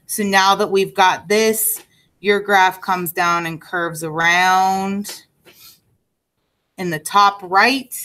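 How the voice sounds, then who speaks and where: A woman's voice: mid-range voice, fairly even intonation, slow, bright, forceful tone, poor audio. A woman teaching a math class in a classroom, explaining step by step and checking in with her students.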